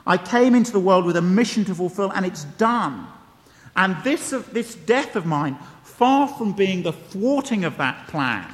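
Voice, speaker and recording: A man's voice: sits high, fairly bright tone. A man preaching a sermon, conversational and emphatic, with wry asides and repeated key phrases. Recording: long reverb of a large hall.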